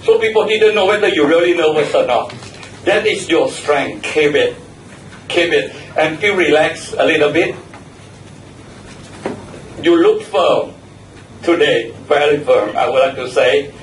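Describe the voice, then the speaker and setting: A man evaluates the speakers at a club meeting, repeating words and spelling some out. His voice sits a little high for a man. He is picked up from across an echoey room, with faint noise behind. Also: unhurried, long pauses. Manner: repeats and spells out words, gives warm feedback. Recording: echoey room, mic far off.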